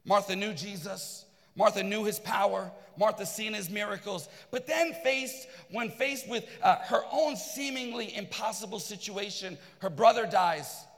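High-voiced pastor preaching hard, repeats himself, shouts sometimes, long echo in a big hall. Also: male voice, a little slow, vocal fry, few pauses. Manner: fervent, repetitive, at times shouting. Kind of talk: sermon.

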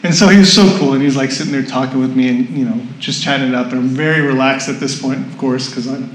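A man's voice: medium pitch, steady tone, fast talker. Chatty man preaching in an echoey hall. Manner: chatty storytelling, laughs often. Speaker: pastor. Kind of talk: sermon. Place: church hall with audience.

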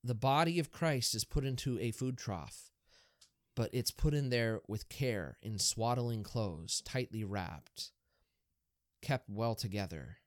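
A man, a Catholic priest, talking in a casual podcast discussion, explaining things in a lively way and asking rhetorical questions. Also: mid-range voice, slow pace, no echo, studio quality. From Erie, Pennsylvania, US.

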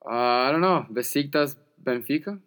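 A young man co-hosts a casual sports-betting podcast. His voice sits in an ordinary middle range, and he talks about matches and odds in a relaxed, good-humored way. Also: mid-range voice, normal speed, clean tone. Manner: easygoing, laughs along. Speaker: podcast co-host.

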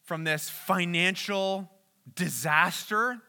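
Bright, high-voiced man preaching a sermon. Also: takes it slowly. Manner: earnest preaching that swings from loud urgent peaks to soft hushed stretches. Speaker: pastor.

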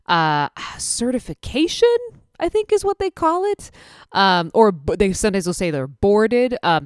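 Casting note: woman, thirties, vet-tech podcast host, low, smooth voice, casual storyteller, dry close mic. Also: no echo. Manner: chatty, animated when quoting people, many fillers. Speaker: veterinary technician and podcast host.

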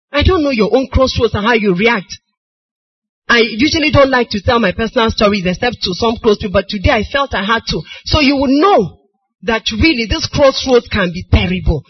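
Nigerian lady preacher, husky voice, goes soft then cries out loud, muffled lo-fi recording. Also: on the high side. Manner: emotional, swings from soft storytelling to crying shouts. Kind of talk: sermon. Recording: dull lo-fi recording.

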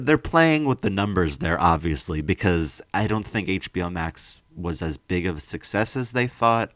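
Male podcast host, very deep voice, dry close sound, rambling and chatty. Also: dry recording. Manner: rambling, animated, lots of fillers and restarts. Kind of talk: casual podcast chat.

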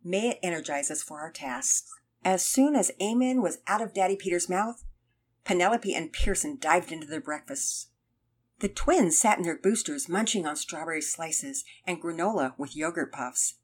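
A woman narrating a children's story aloud in an expressive, measured way. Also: on the low side, husky.

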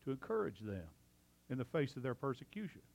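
A man preaching a sermon, excitable and out of breath, swinging from loud fervor to hushed emphasis. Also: medium pitch, a little fast, creaky. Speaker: pastor.

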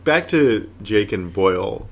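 A man co-hosting a podcast in casual chat, animated, acting out characters' lines. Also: lowish voice, slow. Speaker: podcast co-host. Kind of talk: casual chat about a sitcom.

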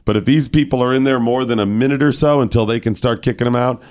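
A male radio host talks in a casual, blunt way with a dry, wry edge. He keeps the segment moving and trades quips with his co-host. His voice sits at a plain middle pitch. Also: quick pace, darkish tone. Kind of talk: casual talk radio banter.

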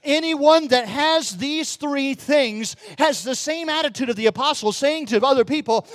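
A Southern man delivering a sermon in an unusually high voice. He preaches emphatically, drawing out and lifting the lines he quotes. The sound is dry and close, with no room around it. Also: normal speed, few pauses, no room sound. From Mississippi, USA.

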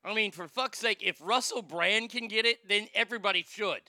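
A man's voice: high-pitched, brisk, sharp tone, dry recording. A man giving a casual commentary vlog in a sarcastic, profane, mocking manner.

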